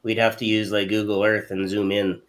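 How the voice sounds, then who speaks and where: Man, Canadian accent, very deep voice, casual banter, dry humor. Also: flat delivery, normal speed. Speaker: podcast co-host. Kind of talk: casual chat.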